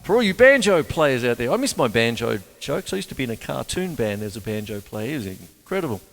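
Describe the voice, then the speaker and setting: A man's voice: medium pitch, very animated, brisk, creaky, a bit bright, in a large hall, faint music behind. An Australian man giving a casual drum lesson, chatty and rambling, cracking jokes and saying "you see" a lot. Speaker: drum teacher. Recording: drum kit playing behind the voice.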